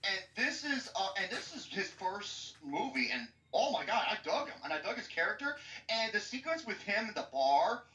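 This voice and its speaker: A young woman co-hosting a podcast in casual movie chat, excitable and profane, ranting with lots of energy. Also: medium pitch, normal speed. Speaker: podcast co-host. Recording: dull, roomy, distant mic.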